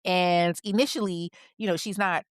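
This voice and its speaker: A woman's voice: on the low side, steady tone, normal speed, clear, resonant tone, no room sound, clean studio sound. A woman hosting a podcast, telling a true crime story in a casual, slangy way with chatty asides.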